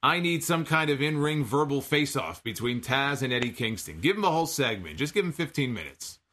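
Bright-voiced man recapping wrestling. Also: medium pitch, sing-song, a little fast. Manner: wry, chatty, reads out listener donation messages. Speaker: wrestling podcast host. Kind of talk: casual solo show recap.

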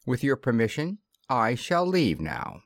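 Man voicing a big ex-miner, blunt, forceful, curt, dry studio sound. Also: mid-range voice, big pitch swings, measured pace, no room sound. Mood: quietly firm.

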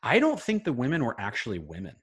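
A man co-hosting a casual chat, animated and quick to act out little scenes. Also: medium pitch, breathy edge. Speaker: podcast co-host.

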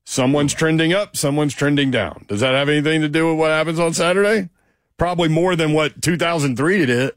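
A man's voice: on the high side, brisk, no room sound. Male sports radio co-host, stat-heavy, level delivery, dry sound. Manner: dry, stat-driven, matter-of-fact. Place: radio studio.

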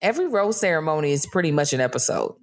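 Woman podcast co-host, casual recap chat, lower voice, swears freely, quick mocking asides. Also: animated. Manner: chatty, swears freely, slips into mocking impressions.

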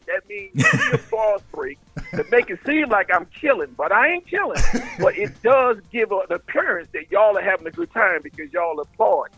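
A comedian from Baltimore spins stories in a casual radio interview, his pitch sitting a touch high and leaping all over the place. The sound is dull and dry, like a close studio mic with the highs rolled off. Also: creaky, faint music behind. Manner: animated, quick storytelling with impressions. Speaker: comedian and pastor guest.

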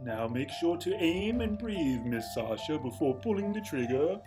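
A woman's voice: sits low, very animated, unhurried, mellow. A woman voicing a prim elderly male butler with a put-on British accent, speaking formally over music. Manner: formal, courteous.

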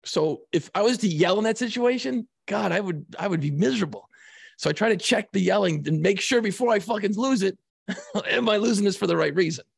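A man's voice: high voice, animated, fairly quick, creaky, husky, no room sound, studio quality. A man chatting casually as a podcast co-host, reflective and profane, often checking in with the listener. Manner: reflective, profane, asks "you know what I mean".

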